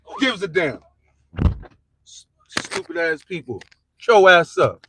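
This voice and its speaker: A man's voice: on the high side, sing-song, unhurried, noisy background. An American man ranting in a heated vlog, talking in slang and repeating himself over and over as he confronts people from a parked car. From United States. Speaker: vlogger and commentator. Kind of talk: heated street-rant vlog.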